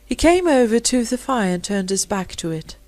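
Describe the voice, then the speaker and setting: A woman reading a classic short story aloud as an audiobook narrator, in a measured, clear way. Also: on the high side, sing-song, darkish tone, no room sound. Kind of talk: scripted narration.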